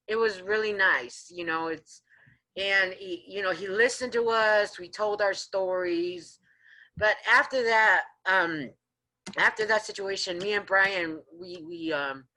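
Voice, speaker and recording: A woman housing advocate answering interview questions on a video call, telling her stories in an animated way and acting out what people said. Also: lowish voice, poor audio. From San Diego area, California. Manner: animated storyteller acting out her own quotes. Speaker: housing advocate and resident leader. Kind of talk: storytelling in a panel interview.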